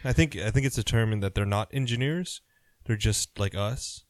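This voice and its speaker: Man, podcast co-host, fairly low voice, casual chat, jokey asides. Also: moderate pace. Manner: chatty, adds details and jokes. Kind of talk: casual movie recap chat.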